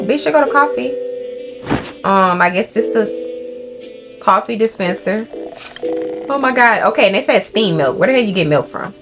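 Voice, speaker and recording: Foul-mouthed young woman gaming. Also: fairly low pitch. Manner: profane, excitable, talks to her viewers. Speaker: gaming creator. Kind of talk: let's play commentary. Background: game music.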